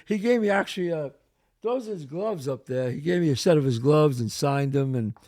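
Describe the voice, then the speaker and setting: A man's voice: a little high, lively intonation, brisk, darkish tone. A man hosting a casual interview chat, mostly chiming in with short reactions to his guest. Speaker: host.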